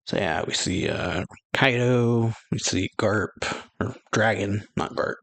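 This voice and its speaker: A man's voice: fairly low pitch, takes it slowly, gravelly, fairly bright tone, dry recording, poor audio. A man hosting an anime reaction channel, reading through manga pages in a casual, rambling way with frequent chuckles and filler words.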